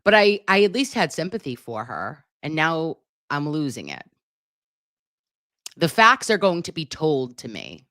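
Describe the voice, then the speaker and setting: A woman hosting a casual live stream, reading chat comments aloud in an animated, chatty way and swearing freely. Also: low voice, unhurried, no room sound, studio quality.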